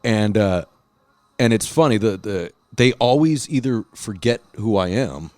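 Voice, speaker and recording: A man's voice: fairly low pitch, expressive, measured pace, a little mellow, dry recording. A man telling stories in a casual chat, rambling and swearing, often doing other people's voices. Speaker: podcast host and musician.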